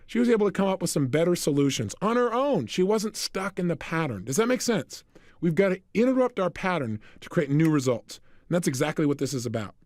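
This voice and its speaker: Fast, animated motivational speaker man. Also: high-pitched, no echo, studio quality. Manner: energetic, storytelling, acts out dialogue. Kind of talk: motivational talk with anecdotes.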